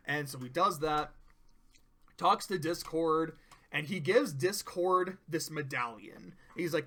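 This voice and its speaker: A man's voice: a little high, slow pace, sharp tone. A man casually recapping a cartoon episode, rambling, profane, often interrupting himself.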